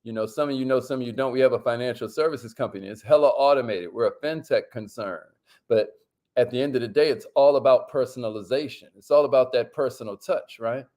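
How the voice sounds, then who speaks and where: A man hosting a casual livestream, lively and slangy, calling out to viewers and sometimes dropping his voice low to make a point. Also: quick pace. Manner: lively, hypes up viewers and reads their comments; drops to a near whisper to make a point. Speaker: host.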